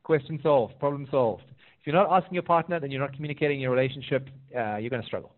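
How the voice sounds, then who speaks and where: A man working as a relationship coach, answering viewer questions in a live Q&A and telling stories with lively quoted voices. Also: medium pitch, fast talker. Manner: animated storytelling with sing-song quoted voices. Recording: tinny phone-like audio.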